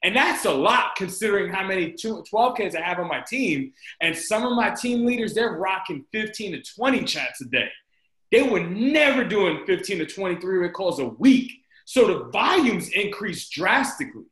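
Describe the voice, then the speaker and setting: A man giving an energetic, repetitive motivational team training talk on a group video call, often calling his listeners "guys". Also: sits high, normal speed, reverberant, low-quality recording.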